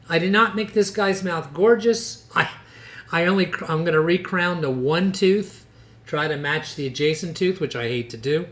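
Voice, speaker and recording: An older man in his sixties with a slightly high voice talks shop with other dentists. His delivery is earnest and persuasive, full of case stories, and he slips into the lines he uses with patients. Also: fairly bright tone. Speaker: dentist and educator. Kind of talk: instructional podcast talk.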